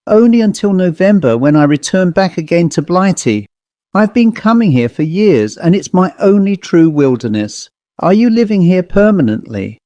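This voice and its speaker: A man playing a jolly elderly English gentleman. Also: high-pitched, big pitch swings, moderate pace, no echo, highs cut off, pitched above the performer's own voice. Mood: genial. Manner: genteel, old-fashioned and chatty.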